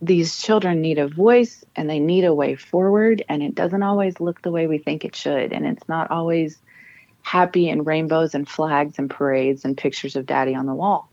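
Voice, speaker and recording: At a moderate pace, a woman in her thirties with a low, slightly mellow voice tells her family's story in an interview; she is a military spouse and writer. She speaks with earnest feeling and often restarts, and the audio has no echo but lacks high frequencies.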